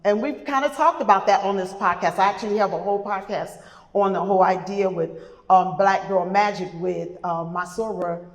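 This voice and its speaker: A woman's voice: medium pitch, normal speed. Effusive woman host in a reverberant hall. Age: middle-aged. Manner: effusive, repeats words for emphasis. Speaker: podcast host. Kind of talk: live podcast panel introductions. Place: retreat event room with live audience. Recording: roomy hall with long reverb.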